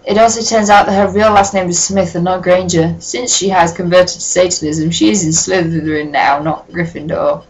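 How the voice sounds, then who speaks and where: A woman's voice: on the low side, fairly even intonation, normal speed, few pauses, low-quality recording. A woman giving a comic reading of a fan story, breaking in with dry, sardonic asides. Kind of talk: comic dramatic reading with commentary.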